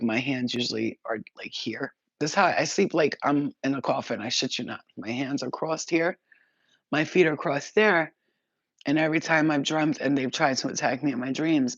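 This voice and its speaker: A woman telling spiritual stories in a casual, animated and profane way, often laughing. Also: very deep voice, slightly rough, no room sound, lo-fi sound. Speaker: spiritual vlogger. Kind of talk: casual storytelling.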